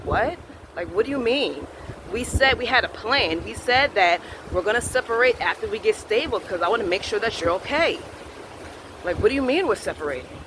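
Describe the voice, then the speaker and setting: A man with a fairly high voice tells a personal story of faith with strong feeling. He acts out each quote and swings between hushed and loud delivery. He is recording outdoors, with heavy wind noise behind him. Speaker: vlogger sharing a personal faith testimony.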